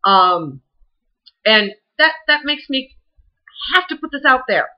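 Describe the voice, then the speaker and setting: A woman's voice: sits high, sing-song, takes it slowly, muffled recording. A young adult woman with a Southern US accent, a fitness instructor giving chatty, encouraging workout advice to the camera. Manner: chatty and encouraging, many fillers. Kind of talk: casual advice talk to camera.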